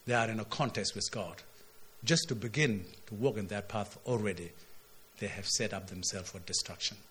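Husky-voiced man preaching a sermon. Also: fairly low pitch, normal speed. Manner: expository, asks "isn't it?", surges loud on quotes.

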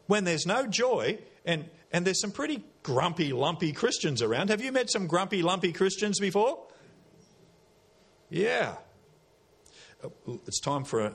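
Australian man, preacher, fairly high voice, folksy sermon, rhetorical questions. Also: husky.

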